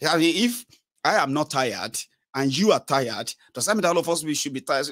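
A man's voice: a little high, brisk, dry recording, studio quality. A man with a Nigerian accent giving casual political commentary, switching between English, Pidgin and Yoruba. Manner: mixes English with Pidgin and Yoruba, animated mimicry.

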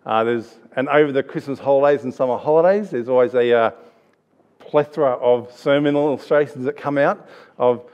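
A man's voice: medium pitch, a little mellow. A man in his thirties with an Australian accent, giving a chatty, anecdotal church sermon with restarts. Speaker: preacher.

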